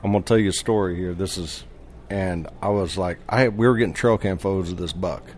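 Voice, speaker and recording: A man appearing as a podcast guest, telling stories in casual chat, animated and full of laughter, often restarting his sentences and acting out quoted lines. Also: low-pitched, a little fast, a little hiss or hum. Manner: acts out quoted dialogue.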